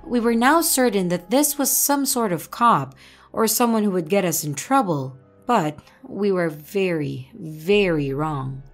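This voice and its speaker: A woman's voice: on the low side, animated, a little slow, soft background music. Woman narrating a creepy story. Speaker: narrator reading viewer stories. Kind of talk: scripted horror story narration.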